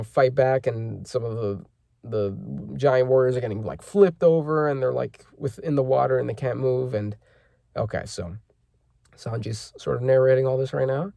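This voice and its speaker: A man's voice: medium pitch, steady tone, moderate pace, creaky, mellow, dry recording, clean studio sound. A man hosting a casual manga chapter reaction, rambling with lots of fillers and self-corrections as he reads panels aloud.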